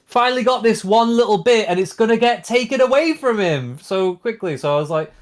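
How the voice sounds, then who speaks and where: A man co-hosting a casual podcast, retelling a plot in a rambling, animated way full of fillers. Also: sits high, a little fast. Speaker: podcast co-host. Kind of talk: casual chat.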